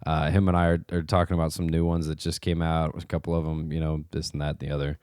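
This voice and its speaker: A man with a very low voice tells a long, rambling story on a podcast, slipping into quoted dialogue and stopping for fillers. The sound is dry and close. His manner is relaxed, casual chat. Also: fast, smooth, no room sound. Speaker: podcast co-host.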